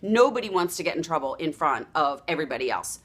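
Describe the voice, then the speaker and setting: Woman sales coach, animated, acts out little dialogues, lively pitch. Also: fast talker. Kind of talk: motivational training talk.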